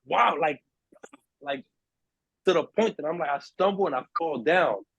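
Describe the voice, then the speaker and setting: A man's voice: a little high, unhurried, gravelly, husky, no room sound, lo-fi sound. A young man telling a story in casual chat with friends, acting out the other people's lines. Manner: animated storyteller, acts out voices in quotes. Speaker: podcast host.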